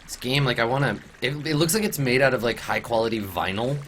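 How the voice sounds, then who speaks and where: A man's voice: mid-range voice, lively intonation, fast, fairly bright tone, slight background noise. A man giving casual, playful commentary while playing a video game. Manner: chatty, playful, joking. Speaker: game streamer. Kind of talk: casual let's-play commentary.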